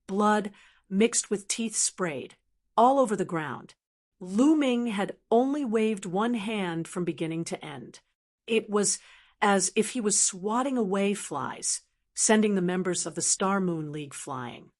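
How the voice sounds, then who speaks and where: A woman narrating a fantasy audiobook in an even, steady reading voice. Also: mid-range voice. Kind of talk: scripted narration.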